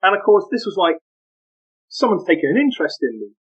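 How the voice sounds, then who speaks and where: Brief: male podcast guest, higher voice, animated anecdotes, muffled lo-fi sound. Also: fast, breathy edge. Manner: animated, laughing, full of anecdotes. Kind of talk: casual storytelling interview.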